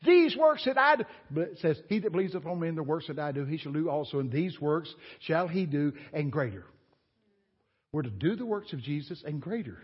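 A man's voice: a little high, animated, fairly quick, breathy edge, big-room sound, muffled recording. An older man preaching a sermon as a guest speaker, folksy and emphatic, weaving homespun stories into his preaching in a church. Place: church sanctuary.

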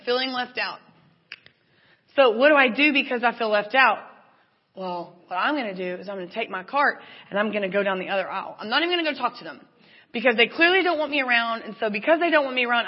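A woman giving a sermon, telling a personal story with lively, acted-out inner thoughts. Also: fairly high pitch. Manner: animated storytelling, acts out her own inner voice. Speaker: church speaker. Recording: dull lo-fi recording with long hall reverb.

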